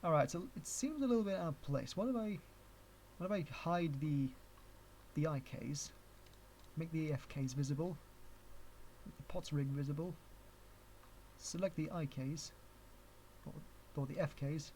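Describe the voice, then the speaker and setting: A man with an English accent and a slightly higher voice talks through a live-stream tutorial. He rambles as he works, restarts sentences and chuckles at himself. His talk stays casual and unscripted. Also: normal speed, long pauses, a little mellow, a little hiss or hum. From Canada. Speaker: streamer teaching 3D rigging.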